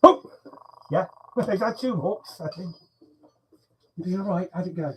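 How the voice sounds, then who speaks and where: A man's voice: high voice, moderate pace, background noise. A man, a barber chatting and teasing his customers while he cuts hair in his shop. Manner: cheeky, mock-gruff teasing. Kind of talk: livestreamed casual banter while cutting hair.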